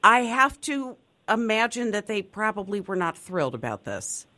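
A woman's voice: mid-range voice, sing-song, normal speed, pushed and bright. Woman host asking careful questions. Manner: brief encouraging replies, careful questions. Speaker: interviewer host. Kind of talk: interview.

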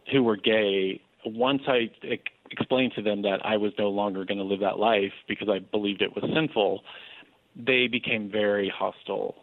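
A man's voice: lowish voice, dry recording. Earnest man on a tinny phone line. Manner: earnest, animated storytelling with restarts. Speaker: interview guest. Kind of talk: personal testimony in an interview.

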